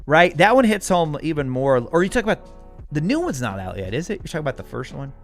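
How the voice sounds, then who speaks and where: A man's voice: a little high, very animated, fast talker, faint music behind. An American man hosting a live stream, chatting casually and answering viewers' comments with frequent chuckles. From United States. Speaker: livestream host. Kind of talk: casual live-chat talk.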